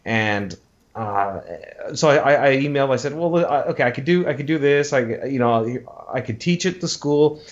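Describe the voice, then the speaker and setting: A man in his thirties talks through a long story in a loose, casual way, often restarting sentences and slipping into the voices of the people he quotes. His pitch sits at a middling level. The recording sounds a little dull and lo-fi. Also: moderate pace. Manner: rambling, many restarts, acts out quoted voices. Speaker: interview guest. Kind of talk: casual interview chat.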